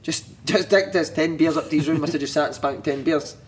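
A man with a Scottish accent chatting casually as a podcast guest, telling animated stories with plenty of swearing. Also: on the high side, a little fast, over a noisy crowd. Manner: animated storytelling, heavy swearing, laughing. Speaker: podcast guest, former footballer. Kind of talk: casual chat.

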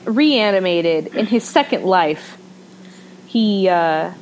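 A woman's voice: mid-range voice, lively intonation, slow pace, slight background noise, poor audio. Gushing young woman podcast co-host. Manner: enthusiastic, gushing, jokey. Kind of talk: casual chat.

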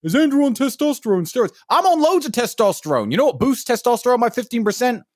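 Cocky, husky-voiced podcast man, dry sound. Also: very high-pitched, very animated, fast, a little mellow, no echo. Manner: blunt, cocky, dismissive. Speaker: podcast co-host. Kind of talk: casual boastful podcast banter.

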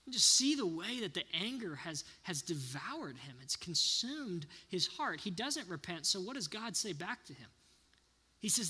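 A man's voice: sits high, big pitch swings, moderate pace, bright, forceful tone, breathy edge, in a large hall. A man in his thirties giving an earnest sermon, often putting questions to his listeners. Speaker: pastor.

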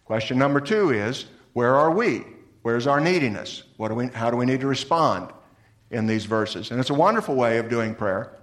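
An earnest male pastor delivering a sermon at a mid-range pitch. He builds to lively, emphatic points and then drops into soft, low-voiced appeals. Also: normal speed.

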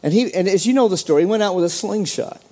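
A male pastor delivers an animated sermon in a fairly high voice. He acts out the people in his story, jumping up in pitch to play them, then drops back to his normal speaking voice. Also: fast talker. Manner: animated preaching, acts out quoted voices with sudden pitch jumps.

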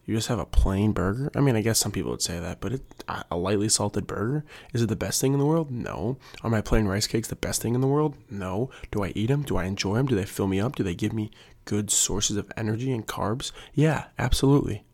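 A man's voice: on the low side, lively intonation, a little fast, vocal fry, a little mellow. A young adult man, a PE teacher, rambling in a casual, jokey monologue and working himself up. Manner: jokey, self-mocking, gets worked up.

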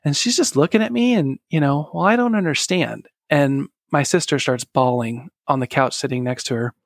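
A man's voice: medium pitch, no echo, studio quality. Earnest middle-aged man telling his story. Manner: earnest, halting, with soft laughs. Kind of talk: casual personal storytelling.

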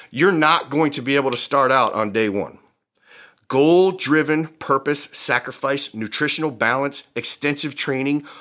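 Male podcast host, blunt profane rant, mid-pitched voice. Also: fairly bright tone. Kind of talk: ranting solo podcast talk.

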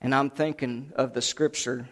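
A man preaching a sermon, retelling a scripture story with dramatic swings from hushed asides to loud outbursts. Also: medium pitch, steady tone, moderate pace.

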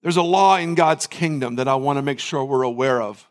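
A man's voice: medium pitch, fairly quick. A man pastor preaching a communion sermon, leading the congregation in repeated phrases and fervent prayer. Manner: preaching with call-and-response and repetition, fervent prayer.

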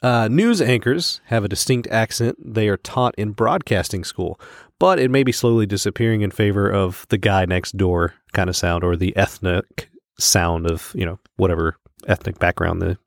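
A man in the middle of a relaxed podcast chat, trading jokes and breaking into laughter. His sentences often stall and restart as he thinks aloud. The recording is close and dry, with no room sound. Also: lowish voice, moderate pace, vocal fry, dry recording. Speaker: podcast co-host. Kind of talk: casual chat.

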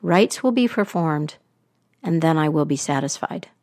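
A woman's voice: low-pitched, lively intonation, normal speed, darkish tone. A woman storyteller voicing a stern, commanding harvest goddess in a told myth, speaking with proud authority. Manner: stern, proclaiming.

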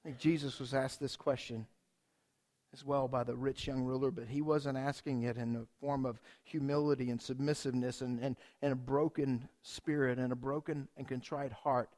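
In a church, a pastor with a high voice gives a sermon at normal speed. His style is animated and conversational, and he keeps hitting his congregation with rhetorical questions.

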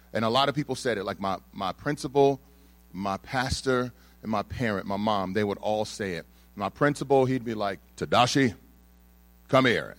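In a dry recording, a lowish-voiced young man from Texas preaches a testimony sermon. He tells his personal story casually and humorously, leaning on frequent fillers like "um."

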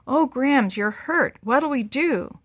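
A woman plays a frightened little girl in a storybook reading, her voice lifting high and thin as she pleads and protests. The sound is dry and close. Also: expressive, slow, dry recording, exaggerated voice. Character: scared young girl, tearful and timid.

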